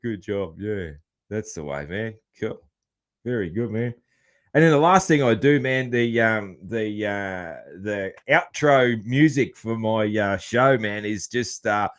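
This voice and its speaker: A man's voice: lowish voice, lively intonation, measured pace. A man with an Australian accent hosting a casual podcast interview, laid-back and rambling. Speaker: podcast host.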